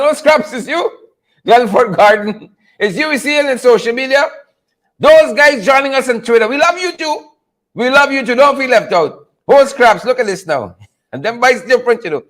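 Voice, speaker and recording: A man's voice: very high-pitched, a bit bright. A man hosting a live political commentary show, calling out viewers by name and repeating catchphrases. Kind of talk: casual live-stream commentary.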